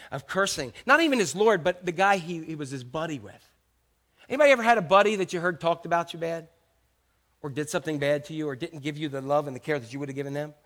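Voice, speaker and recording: A man preaching a sermon, retelling a story with lively acted voices and dropping soft and low for the tender parts. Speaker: pastor.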